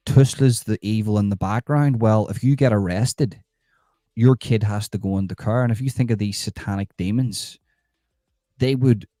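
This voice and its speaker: A middle-aged man rants on a live stream, swearing freely and retelling bits of conversation. His voice sits fairly low and sounds warm and relaxed, and the sound is dry and close with no room echo. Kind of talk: rambling live-stream rant.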